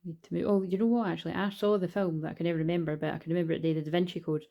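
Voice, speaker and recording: A woman's voice: fairly low pitch, fairly even intonation, racing, muffled recording, a little hiss or hum. A Scottish woman giving a casual, rambling spiritual card reading, chatty and swearing now and then.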